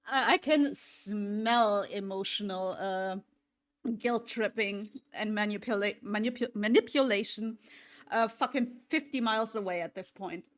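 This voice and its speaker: A woman's voice: mid-range voice, unhurried. A woman streamer chatting casually with her viewers, swearing freely and laughing often. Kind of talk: casual chat.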